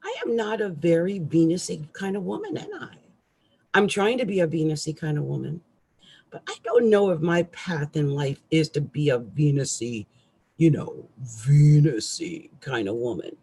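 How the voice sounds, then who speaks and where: Husky middle-aged woman ranting live about astrology, pitch jumping all over, irritable. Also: expressive, moderate pace. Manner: ranting, irritable, swings between loud outbursts and quiet asides. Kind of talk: live-streamed rant.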